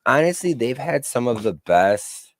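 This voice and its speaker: A man's voice: mid-range voice, very animated, measured pace, dry recording. A man co-hosting a casual wrestling podcast, rambling with lots of fillers and acting out little quotes. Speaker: podcast co-host.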